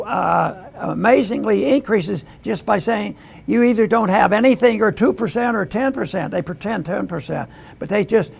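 An older man hosting an economics talk, speaking haltingly with restarts and throat clearing. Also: sits high. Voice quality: gravelly, husky. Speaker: host. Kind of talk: economics commentary.

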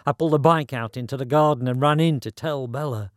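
A man's voice: medium pitch, fast talker, no echo. A man narrating a story in a dry, wry, conversational way.

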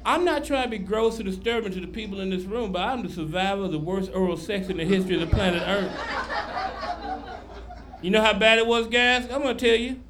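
A man from Memphis doing a crude, animated stand-up routine on a club stage. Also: high voice, a little fast. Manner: loud, crude, animated storytelling. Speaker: stand-up comedian. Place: comedy club stage before a live audience. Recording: live club recording with noise.

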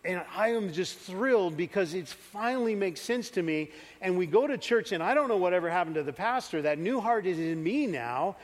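A man's voice: sits high, animated, normal speed, few pauses. A man preaching a sermon, telling a personal story and acting out his younger self. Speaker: pastor. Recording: church hall reverb.

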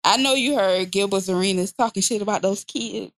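A podcast co-host, a woman with an ordinary middle-pitched voice, chats casually, blunt, profane and quick to laugh. The recording is dry and close, with no room around it.

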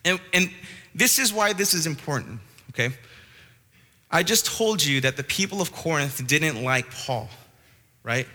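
A young man preaching to a church youth group. He is animated and joking, with restarts. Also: a little high, measured pace, pauses often, long reverb tail. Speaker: youth pastor. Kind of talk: youth sermon with storytelling. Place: church hall.

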